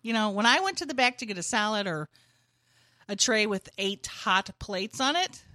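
A woman's voice: mid-range voice, animated, moderate pace, sharp tone, dry recording, studio quality. A woman co-hosting a podcast, chatting casually with profanity and silly bits. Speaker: podcast co-host. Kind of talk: casual chat.

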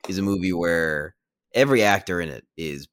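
A low-voiced man argues his point about movies on a podcast and drives it home with rhetorical questions. The recording is dry and close. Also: lively intonation, fairly quick, a bit bright, clear, resonant tone, dry recording. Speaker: podcast co-host. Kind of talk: casual film discussion.

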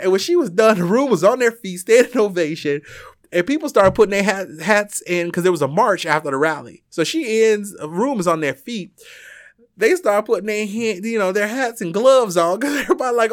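Guy with a stuffed up nose rambling about something he saw, kinda high voice, super dry mic. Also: moderate pace, no room sound. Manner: rambling, many fillers and restarts; grows excited and animated while retelling. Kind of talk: casual spoken recap.

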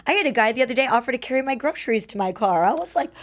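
A woman's voice: fairly high pitch, rapid-fire. A woman guest in casual podcast chat, talking freely and often laughing and acting out her own reactions. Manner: chatty, laughs often, quotes herself in lively asides. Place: Las Vegas.

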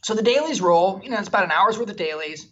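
A man's voice: sits high, animated, fast, a bit bright, lo-fi sound. A man, a film director, telling a candid, self-deprecating story from his career in a guest interview. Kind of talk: animated anecdotal storytelling.

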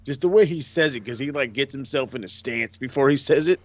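A man co-hosting a casual chat show, animated and profane, often acting out what others said. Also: mid-range voice, brisk, background noise. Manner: animated, profane, acts out quotes. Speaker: podcast co-host. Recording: dull lo-fi dry mic.

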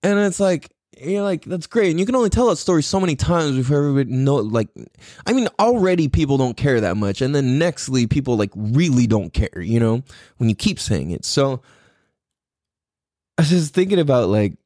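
A man's voice: mid-range voice, very animated, a little fast, dark tone, no echo, studio quality. A young man hosting a podcast alone, rambling casually with lots of laughs and slang. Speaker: podcast host. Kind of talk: solo casual podcast chat.

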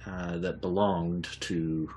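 Man, game master, very low voice, hesitant, rambling narration. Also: flat delivery, slow pace, warm tone, breathy edge. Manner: rambling, hesitant with many fillers.

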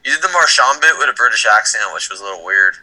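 A man's voice: medium pitch, lively intonation, fast talker, pushed and bright, low-quality recording. A man joking sarcastically and teasing his friends in a casual podcast chat. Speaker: podcast co-host.

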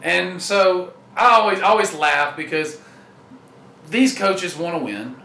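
A former football lineman speaks earnestly as a guest in a relaxed sports talk, often restarting his sentences. His voice is high and bright for a man, with a roomy echo and a faint hiss behind it. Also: takes it slowly, vocal fry. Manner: earnest, repeats his opening words. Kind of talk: casual sports interview. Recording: echoey room with faint background noise.

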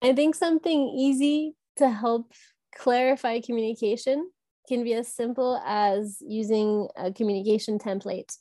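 A woman answering interview questions, thoughtful and halting, with frequent pauses and restarts. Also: a little high, steady tone, dark tone, dry recording. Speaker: guest from an education app company.

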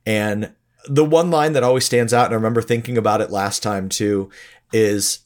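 A man's voice: fairly low pitch, fairly even intonation, normal speed. A man co-hosting a podcast, chatting casually about songs in a laid-back, chuckling way. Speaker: podcast co-host. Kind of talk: casual music review chat.

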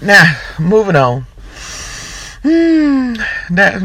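A man's voice: sits high, very animated, takes it slowly, pushed and bright, no room sound. A man hosting his own podcast, chatting casually and animatedly, breaking into hard laughter. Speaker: podcast host. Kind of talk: casual chat.

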